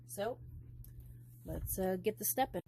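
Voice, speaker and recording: A woman's voice: mid-range voice, unhurried, vocal fry, noisy background. A woman vlogging as she quilts, rambling and blunt, swearing freely as she works through her steps. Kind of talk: casual chat while crafting.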